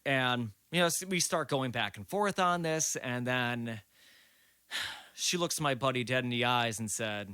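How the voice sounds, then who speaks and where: A man's voice: medium pitch, a little slow, sharp tone, clean tone, no echo, studio quality. A man in his late twenties telling a story in a loose, rambling way, swearing freely, as a podcast guest. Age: late 20s. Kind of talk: casual storytelling.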